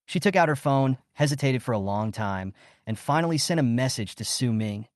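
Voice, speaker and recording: A man reading a scripted story recap as its narrator, in a steady storytelling manner. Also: mid-range voice, normal speed, no echo, clean studio sound.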